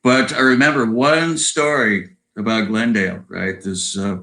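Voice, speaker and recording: On the low side and steady, his voice is bright and forceful at a measured pace, despite a rough recording. A guest musician around seventy from Southern California, he speaks with an American accent in a casual video-call interview, rambling and tagging sentences with "you know" and "right?".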